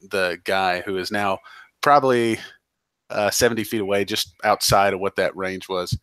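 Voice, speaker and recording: Male game master, low voice, dry recording, rambling casual narration. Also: fairly bright tone, dry recording. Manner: rambling, run-on narration with many fillers.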